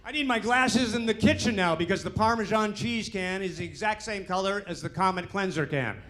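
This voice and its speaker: A man's voice: high-pitched, fairly quick, fairly bright tone, some chatter behind. A man in his sixties doing a stand-up comedy set in a club, delivering punchy jokes with lots of "you know" tags. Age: 60s.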